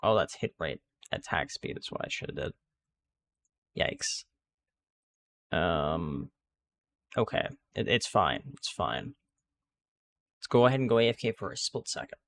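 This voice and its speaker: A man's voice: lowish voice, expressive, normal speed, pauses often, a bit bright, slight background noise. A man giving casual gameplay commentary, rambling and restarting sentences with many fillers. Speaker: gaming video creator.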